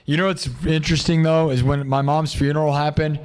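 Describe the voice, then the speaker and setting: A man's voice: fairly high pitch, flat delivery, brisk, clear, resonant tone. A tired man talking candidly and emotionally in a rambling, casual livestream chat from his home streaming room. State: exhausted. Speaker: live streamer.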